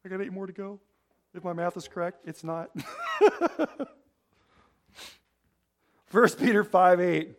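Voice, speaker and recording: A man's voice: high voice, takes it slowly, pauses often. A man preaching a sermon, rambling with humorous asides and asking the congregation to fill in the words. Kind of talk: sermon with call-and-response.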